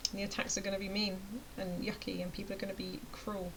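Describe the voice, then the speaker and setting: A chatty woman delivers a motivational rant straight to her viewers. Her voice is middle-pitched, and she is emphatic one moment and close to a whisper the next. A faint hiss sits under the recording. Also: flat delivery, fast. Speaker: vlogger and web design coach.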